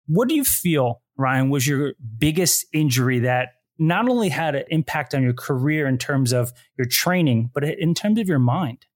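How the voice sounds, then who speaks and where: A man's voice: on the high side, expressive, normal speed, hardly any pauses, no echo, clean studio sound. A man hosting a podcast interview who talks in an enthusiastic, motivational way. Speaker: podcast host.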